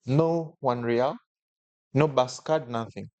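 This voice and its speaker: Man, podcast guest, personal storytelling, animated, frequent restarts, mid-pitched voice. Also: takes it slowly, lo-fi sound. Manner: animated, jumps up in pitch when quoting people, frequent restarts.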